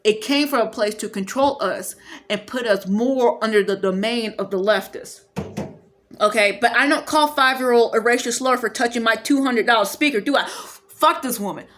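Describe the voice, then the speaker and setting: A woman's voice: a little high, moderate pace, fairly bright tone. A woman in her forties talking to camera in an agitated, repetitive rant, with a speech impediment that shows when she gets emotional. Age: 40s. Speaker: vlogger.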